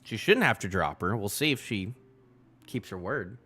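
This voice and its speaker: A man streaming a live comic reaction in a goofy, animated way, laughing often. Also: fairly low pitch, moderate pace, husky.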